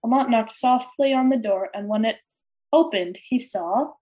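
Gentle woman reading a storybook. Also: fairly high pitch, moderate pace. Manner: gentle, expressive, occasional stumbles. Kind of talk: storybook read-aloud. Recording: dull lo-fi recording.

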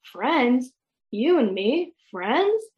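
A woman's voice: a little high, expressive, moderate pace, muffled recording, lightly acted. A woman voicing a big, horrible male monster who crows over his victim. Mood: gleeful.

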